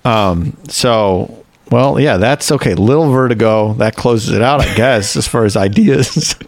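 A man's voice: medium pitch, a little slow. A man co-hosting a casual comedic podcast, joking and laughing often. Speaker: podcast co-host.

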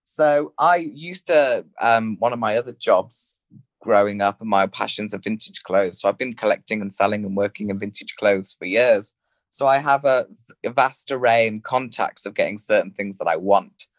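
A man's voice: on the low side, moderate pace, no echo. A man in his thirties with an English Midlands accent, a podcast guest chatting in a camp, theatrical way. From England. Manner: camp and theatrical, calls people darling. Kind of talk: casual chat.

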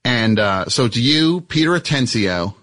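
A man's voice: medium pitch, animated, a little slow, a bit bright, dry recording. A man hosting a talk show, teasing his guest and pressing him again and again to admit something, in casual joking chat. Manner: teasing, insistent, repeats himself. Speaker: host.

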